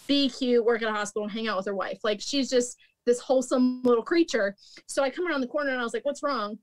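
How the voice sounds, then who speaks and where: A woman, a former restaurant manager, telling stories in a casual, chatty way, full of "like" and laughter. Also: on the high side. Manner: chatty, peppered with "like", laughs often. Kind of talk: casual storytelling chat.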